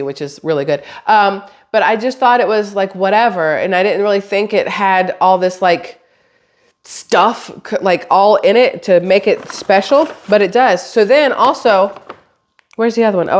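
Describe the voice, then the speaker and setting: A woman, a mother, chatting casually to camera as a vlogger, rambling and swearing lightly. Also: mid-range voice. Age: adult, has a daughter.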